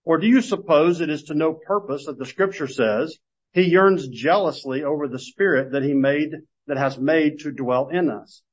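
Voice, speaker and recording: A man teaching a Bible class, telling homey, self-deprecating stories and then reading scripture in a measured way. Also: on the high side. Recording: dull lo-fi recording.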